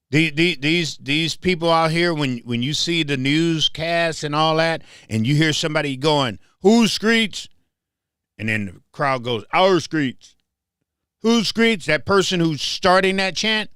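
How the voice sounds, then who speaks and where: A man's voice: a little high, sharp tone, clean tone, no echo, clean studio sound. A man hosting his show, talking in a casual commentary monologue, emphatic and repeating phrases as he restarts them. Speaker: show host.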